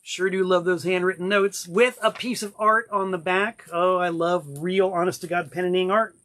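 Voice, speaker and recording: Chatty, enthusiastic man, somewhat high voice. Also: steady tone, moderate pace, a bit bright. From Florida. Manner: chatty, enthusiastic, rambling asides. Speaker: vlog host. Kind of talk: casual unboxing vlog. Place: home cabin in the woods.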